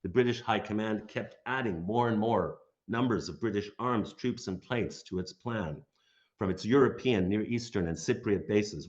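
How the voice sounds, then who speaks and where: A man with a fairly low voice delivers a prepared lecture, reading steadily and slipping in dry, sardonic remarks. The recording sounds dull and muffled, like lo-fi audio. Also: a little mellow. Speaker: guest lecturer. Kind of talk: read history lecture.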